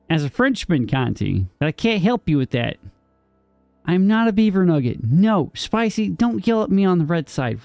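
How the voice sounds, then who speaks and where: A man's voice: high voice, very animated, moderate pace, creaky, darkish tone, no echo, faint music behind. A man streaming a game live, joking playfully with his chat, answering viewers by name and laughing often.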